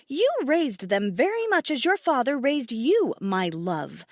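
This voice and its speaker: A proud dragon queen, indignant and sharp-tongued, her voice climbing high and loud, as a woman narrator acts her out. The pitch swings widely as she scolds. The read is dry and close. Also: sing-song, unhurried, no echo, heavily acted. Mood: furious.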